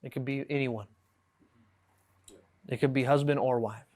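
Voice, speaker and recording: A man's voice: mid-range voice, steady tone, moderate pace, darkish tone. A man teaching an Arabic class to students, explaining words patiently, often checking with "right?" and reading example sentences aloud. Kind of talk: classroom lesson.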